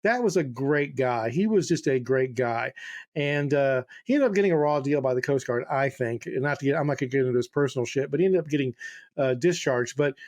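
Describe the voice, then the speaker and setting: A man's voice: mid-range voice, expressive, a little fast, a little mellow. A middle-aged man co-hosting a podcast, telling rambling, profane stories in casual chat and laughing through them. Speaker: podcast co-host.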